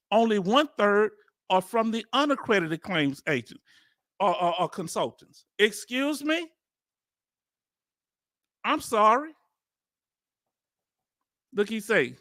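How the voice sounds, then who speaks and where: Animated Southern man reacting, high bright voice. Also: no echo, clean studio sound. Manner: animated, incredulous, street slang, laughs often. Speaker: video host reacting to a hearing. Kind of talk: casual reaction commentary.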